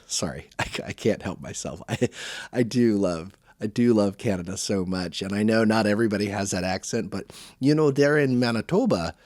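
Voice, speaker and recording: A man's voice: lowish voice, normal speed, a little mellow, dry recording, clean studio sound. A man from the United States hosting a podcast in a folksy, chatty, casual monologue. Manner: folksy and chatty, says y'all. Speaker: podcast host.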